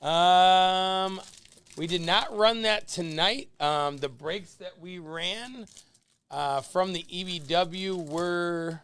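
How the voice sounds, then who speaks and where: A man's voice: sits high, takes it slowly, fairly bright tone, clear, resonant tone. Chatty man hosting a card-break stream. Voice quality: calls his own voice whiny. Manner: chatty, laughs easily, talks to viewers by name. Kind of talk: casual livestream chat while opening cards.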